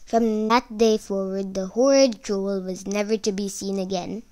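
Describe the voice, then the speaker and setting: A woman reading a children's fairy tale aloud in an expressive storytelling manner. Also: mid-range voice, unhurried.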